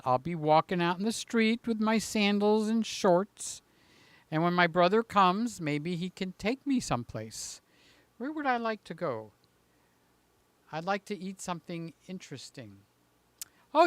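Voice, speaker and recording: An older man hosting a casual live stream, joking and teasing, swinging between loud bursts and quiet asides. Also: high voice, lively intonation, a little slow, smooth, dry recording.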